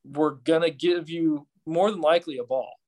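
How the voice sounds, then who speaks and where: A young man with a fairly high voice, chatting casually on a podcast. He tells lively stories and slips into other people's voices as he goes. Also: normal speed. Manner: animated storyteller, acts out fans' voices. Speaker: professional baseball pitcher guest.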